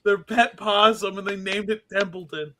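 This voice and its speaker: A man's voice: sits high, fairly even intonation, normal speed, sharp tone, slight background noise. A man in a casual comics chat, teasing and laughing, repeating a running gag.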